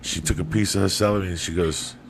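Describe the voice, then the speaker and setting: A man hosting a podcast, telling a long personal story in casual, profanity-laced talk, swinging between loud bursts and hushed asides. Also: sits low, quick pace, slight background noise. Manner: profane, animated storyteller who drops to hushed tones for quotes. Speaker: podcast host.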